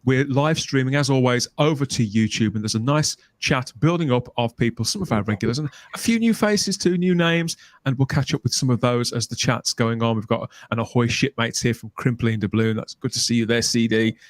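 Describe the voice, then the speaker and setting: A man's voice: mid-range voice, a little fast, hardly any pauses, no echo. A middle-aged man with a Birmingham accent, hosting a casual live-stream chat in a jokey, chatty way. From England. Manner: chatty, jokey, reads out viewer names. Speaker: host.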